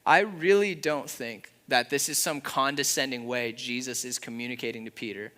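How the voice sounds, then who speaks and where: A young man preaching a sermon in an earnest, conversational way, with a father's warmth. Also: mid-range voice, normal speed. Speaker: pastor.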